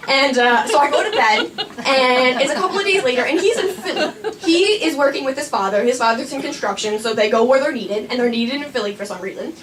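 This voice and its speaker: A woman's voice: high voice, animated, a little fast, fairly bright tone. A young woman telling a nervous, rambling, self-mocking story live on stage. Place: small performing arts studio. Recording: stage voice from a distance with faint room noise.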